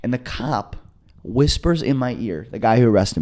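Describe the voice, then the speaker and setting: Animated young man telling a story. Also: medium pitch, moderate pace. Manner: animated storyteller acting out quotes. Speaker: podcast co-host. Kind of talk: casual storytelling.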